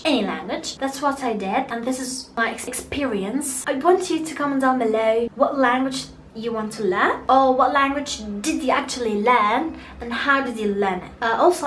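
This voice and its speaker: A woman's voice: high-pitched, a bit bright. A woman who learned English as a second language, talking earnestly to camera in a casual vlog, often repeating and restarting words. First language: not English. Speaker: YouTuber. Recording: echoey room with faint hiss.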